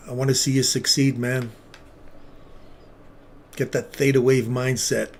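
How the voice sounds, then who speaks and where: A man's voice: medium pitch, level tone, unhurried, vocal fry, pauses often. A man hosting a live trading stream, chatting with viewers by name and commenting on the charts in a casual, upbeat way. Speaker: trading livestream host.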